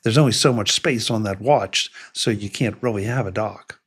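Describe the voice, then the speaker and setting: Low-voiced thoughtful male host. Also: breathy edge. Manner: thoughtful, measured, with small restarts. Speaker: podcast host. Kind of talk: casual tech conversation.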